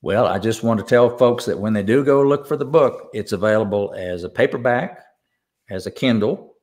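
An older man speaks with a warm East Tennessee drawl, his voice sitting a bit low. He takes his time, reflecting thoughtfully as a guest in a relaxed interview. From Southern United States. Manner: slow, reflective storytelling. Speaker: guest songwriter. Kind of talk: casual interview.

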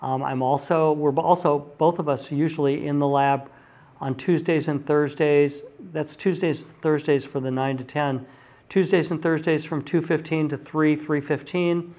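A man's voice: a little high, a little mellow. A male university lecturer giving a recorded class talk in a chatty way, with frequent ums and restarted sentences.

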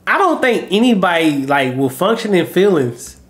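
A man hosts a reaction video while sick, coughing between his words. He rambles in a loose, casual way, calling his viewers y'all. His speaking voice sits a little high. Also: very animated, moderate pace, fairly bright tone. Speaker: YouTube reaction host.

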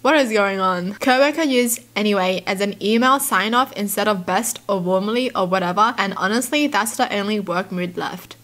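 A young woman from Australia reading tweets aloud and reacting in a giggly, animated way. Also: medium pitch, moderate pace, hardly any pauses. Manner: giggly, animated, squeals in disbelief. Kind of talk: casual reaction commentary.

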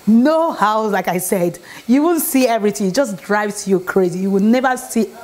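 A woman chats to camera from her home, pitched in an ordinary middle range. She talks in loose, repetitive bursts, driving each point home and checking in with her viewers. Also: animated, normal speed, darkish tone. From Nigeria. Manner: chatty, repetitive, emphatic, asks "okay?". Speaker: vlogger. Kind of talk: casual relationship advice talk. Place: home, indoors.

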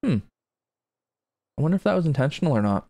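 A man's voice: fairly high pitch, sing-song, quick pace, warm tone, no echo. A man casually commenting while playing a golf video game, chatty and self-deprecating, rambling between shots. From grew up with English parents, not in Britain. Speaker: gaming streamer playing golf.

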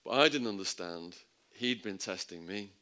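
A middle-aged Englishman with a fairly low voice tells a gripping story to an audience. He acts out the voices of the people in it, with sudden jumps in pitch and loudness. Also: expressive, normal speed. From England. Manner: vivid storytelling, acting out the quoted voices with big jumps in pitch and volume. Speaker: speaker at a public talk. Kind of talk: storytelling talk.

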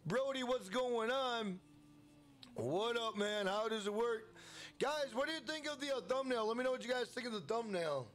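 A man hosting a gaming livestream, giving hyped, rapid shout-outs to his chat. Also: very high voice.

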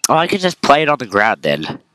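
A man's voice: medium pitch, sing-song, a little fast, fairly bright tone, no echo, studio quality. A man hosting a let's play, swearing and ranting crudely while he plays. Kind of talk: casual game commentary.

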